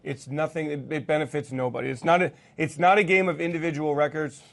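Slightly high-voiced sports show host. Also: male voice, fairly even intonation, vocal fry, a bit bright. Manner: brisk, wry, drawn-out emphasis.

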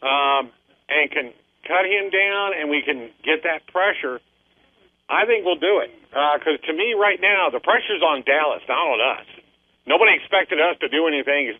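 A man's voice: a little high, normal speed, no echo. An older man calling into a sports radio show, chatting keenly as a fan. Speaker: caller. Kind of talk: call-in sports chat. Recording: tinny phone line.

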